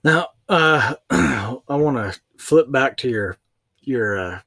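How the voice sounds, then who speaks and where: A man's voice: mid-range voice, lively intonation, bright, forceful tone, dry recording. A man hosting a casual interview show, asking questions with many fillers and reading a sponsor thanks. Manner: friendly, halting questions with fillers. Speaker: podcast host.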